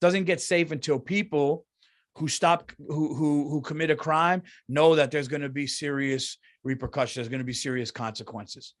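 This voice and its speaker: A man's voice: on the high side, steady tone, moderate pace. A middle-aged man, hosting a comedy podcast in a heated, profane, repetitive rant. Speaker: podcast host.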